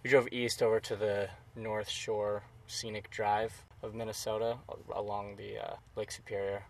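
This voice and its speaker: A young man from Utah hosting a casual travel podcast, rambling excitedly with lots of fillers. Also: on the low side, moderate pace. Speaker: podcast host.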